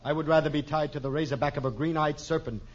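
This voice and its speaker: A man's voice: on the high side, steady tone, fast talker, dull audio, natural voice. A man playing a pompous young prince with florid, mock-grand speech in a 1940s radio comedy, on a hissy old broadcast.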